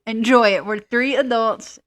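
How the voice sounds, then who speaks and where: A woman's voice: fairly high pitch, steady tone, a little slow, fairly bright tone. A middle-aged woman co-hosting a casual chat, telling rambling, self-deprecating stories. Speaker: co-host.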